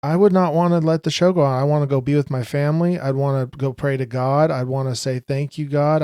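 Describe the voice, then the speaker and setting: A man giving a casual commentary vlog, talking in an emphatic, rambling way that rises into loud bursts. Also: medium pitch, smooth, dry recording, clean studio sound. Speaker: video commentator.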